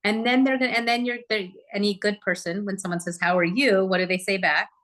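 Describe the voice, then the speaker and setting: A woman's voice: mid-range voice, fast. Chatty woman teaching a live audience. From Oregon, USA. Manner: chatty, lively, asks the audience questions. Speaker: real estate trainer. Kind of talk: live training talk.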